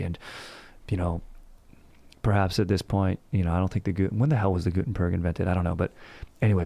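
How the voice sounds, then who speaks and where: A man's voice: sits low, gravelly, warm tone, dry recording. A man hosting a casual comedic history show, rambling and slangy, cursing freely. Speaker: history podcast host.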